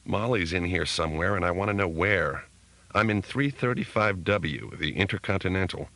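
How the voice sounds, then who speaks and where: A man voicing a tense hacker who speaks in terse, urgent bursts. His voice stays very low and deep, in an audiobook reading. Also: normal speed, fairly bright tone, low-quality recording. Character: tense male hacker on a phone.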